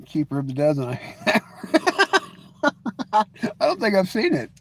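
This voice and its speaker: Middle-aged guy live streaming, rambly and jokey, kinda high voice, lots of "you know". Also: wildly swooping pitch, measured pace, pauses often, a little mellow. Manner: rambling and joking, full of "you know" and restarts. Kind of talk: casual live-stream chat answering viewers.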